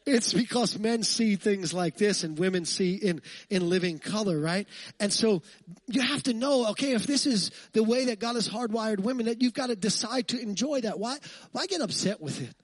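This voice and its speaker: A man pastor preaching a lively, conversational sermon, full of jokes and asides to the congregation. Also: high voice, normal speed, dry recording.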